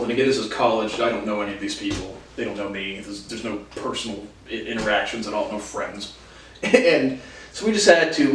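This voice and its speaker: Here the host's voice is medium in pitch and captured from a distance. He's a young man spinning casual, foul-mouthed, sardonic college tales, chuckling as he goes. Echo fills the room, he's off-mic, and there's a little background noise.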